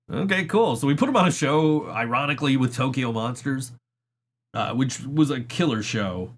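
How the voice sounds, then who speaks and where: A man's voice: mid-range voice, lively intonation, moderate pace, a little hiss or hum. Rambling, swearing man telling stories. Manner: rambling storyteller, swears often, laughs between stories. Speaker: podcast host. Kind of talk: casual chat.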